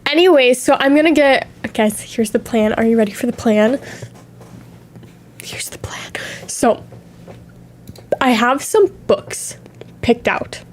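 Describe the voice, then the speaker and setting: A young woman chats casually on her stream with a high, light voice. She rambles candidly from one tangent to the next and sounds a little sniffly from allergies. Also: a little slow, slight background noise. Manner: chatty, candid, drifting between tangents. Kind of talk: casual chat.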